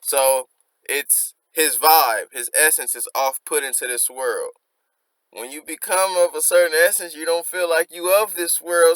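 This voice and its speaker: A man's voice: fairly high pitch, fairly even intonation, measured pace, a bit bright, no room sound, poor audio. A man hosting a music reaction, reflectively explaining song lyrics line by line in casual slang.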